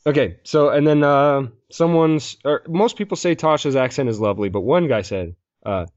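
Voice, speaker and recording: A man's voice: on the high side, normal speed, hardly any pauses, a little mellow, no echo. A man hosting a casual podcast, rambling and laughing as he reads listener mail. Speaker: podcast host. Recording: dull lo-fi podcast mic.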